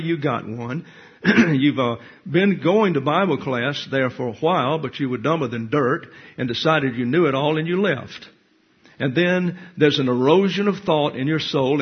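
Blunt teaching pastor, husky voice. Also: male voice, fairly high pitch. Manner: blunt, teacherly, reads scripture with commentary. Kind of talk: Bible class sermon. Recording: dull lo-fi recording.

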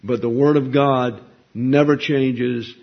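A man's voice: medium pitch, fairly even intonation, takes it slowly, vocal fry. A man preaching a sermon in a folksy, conversational way, asking rhetorical questions and answering them. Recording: dull lo-fi recording.

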